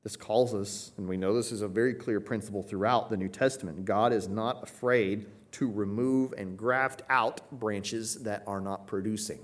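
A man teaching a Bible passage, earnest and emphatic, slowing down to explain Greek wording and often checking in with "right?". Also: fairly low pitch, fairly even intonation.

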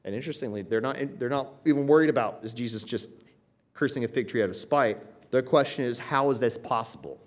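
Man, Bible teaching, emphatic, earnest, often asks "right?", average pitch. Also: darkish tone. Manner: explains Greek wording slowly.

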